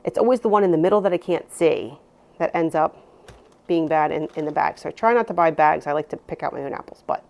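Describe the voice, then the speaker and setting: A woman's voice: sits low, quick pace, gravelly, darkish tone. A woman in her thirties, a mother casually narrating a grocery haul with lots of "um"s and rambling asides. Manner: chatty, rambling with many "um"s. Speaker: vlogger, mother.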